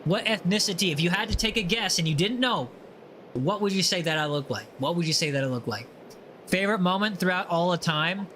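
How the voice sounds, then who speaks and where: Bright, high-voiced playful male streamer. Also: expressive, a little fast, a little hiss or hum. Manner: playful, teasing, reads viewer messages aloud. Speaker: livestream host. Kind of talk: casual chat while gaming.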